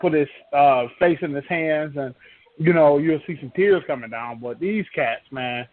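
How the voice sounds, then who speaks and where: A man with a notably high voice rambles through casual sports banter, piling up fillers and restarting his sentences. The sound is thin and narrow, like a phone line. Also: moderate pace. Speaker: sports talk podcast host. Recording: tinny phone-like podcast audio.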